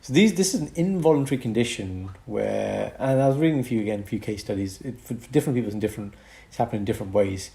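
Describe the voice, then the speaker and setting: A man's voice: on the low side, lively intonation, fast, creaky, hardly any pauses, warm tone. A man co-hosting a casual podcast, explaining medical conditions and chuckling between points.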